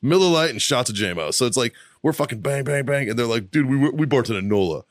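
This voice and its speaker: A man's voice: mid-range voice, expressive, fast, dry recording, clean studio sound. A man with a Boston accent, co-hosting a podcast and telling a long, profane story in casual chat. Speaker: podcast co-host.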